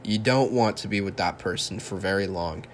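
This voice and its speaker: A man's voice: lowish voice, normal speed, slight background noise. Heated young man ranting on his podcast. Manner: heated, sarcastic ranting with heavy swearing. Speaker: podcast host. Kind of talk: solo podcast monologue.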